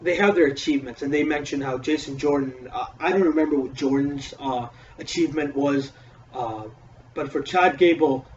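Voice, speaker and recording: A man hosting a casual wrestling review, talking in a profane, excitable and rambling way. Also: mid-range voice, moderate pace, slight background noise. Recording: echoey room, distant mic, dull audio.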